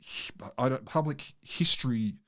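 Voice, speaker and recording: A man's voice: medium pitch, measured pace, fairly bright tone. A man co-hosting a science podcast, telling a story in a rambling, amused way with many restarts. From Australia. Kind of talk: casual science chat.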